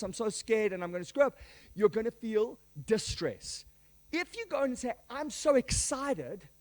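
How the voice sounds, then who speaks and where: A man giving a live workshop talk to a standing audience, energetic and joking, calling them folks. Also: high-pitched. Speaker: workshop speaker. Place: conference room before a live audience.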